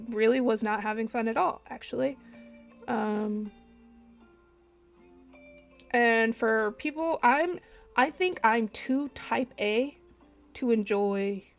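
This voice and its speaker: Chatty woman streamer, slightly high voice. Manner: chatty and animated, laughing at herself. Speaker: artist streaming while drawing. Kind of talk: casual live-stream chat. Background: faint lo-fi music.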